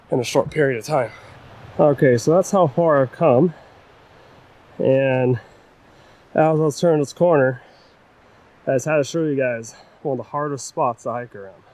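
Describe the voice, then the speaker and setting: A man's voice: fairly high pitch, darkish tone. A young man chatting to viewers while hiking a rocky trail, out of breath, self-deprecating and talkative, recorded outdoors on a camera-mounted mic. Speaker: hiking vlogger. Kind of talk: casual vlog narration while hiking. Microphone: camera-mounted shotgun mic. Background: wind.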